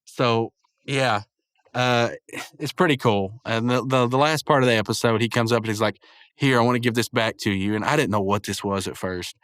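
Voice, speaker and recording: A man's voice: mid-range voice, moderate pace, fairly bright tone, clear, resonant tone, dry recording, clean studio sound. A man casually recapping and reviewing a cartoon episode, laughing often, rambling and correcting himself as he goes. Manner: laughs often while retelling. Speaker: show reviewer.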